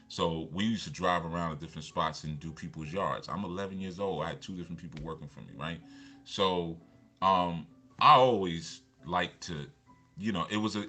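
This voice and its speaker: A man's voice: deep voice, pushed and bright. A man, a motivational speaker, telling personal stories in a loose, rambling way, with lots of restarts and repeated fillers. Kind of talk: casual storytelling talk.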